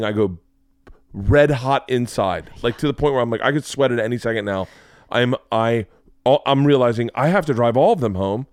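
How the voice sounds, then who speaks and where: A man in his forties hosting a podcast, telling a long story in a rambling, animated way and acting out the quotes. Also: medium pitch, clear, resonant tone, no room sound, clean studio sound. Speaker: podcast host. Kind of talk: casual storytelling chat.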